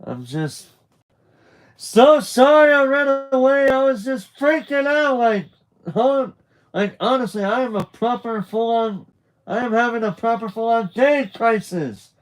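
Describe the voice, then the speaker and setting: Man doing an upset, apologetic teen boy, pitched up, reading live, slow pace. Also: darkish tone, low-quality recording. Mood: distraught. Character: anxious, emotional teenage boy, flustered and apologetic.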